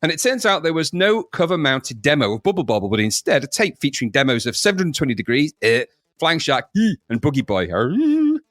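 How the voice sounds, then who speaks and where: A man's voice: fairly high pitch, big pitch swings, fast, hardly any pauses, fairly bright tone, no room sound, studio quality. A man hosting a casual podcast, playfully reading out listener letters with jokey asides. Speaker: podcast host.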